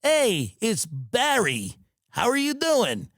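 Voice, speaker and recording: A man's voice: very high voice, wildly swooping pitch, slow, a bit bright, dry recording, clean studio sound, pitched above the performer's own voice, heavily acted. A man doing a chirpy call-center scammer. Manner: chirpy, salesy.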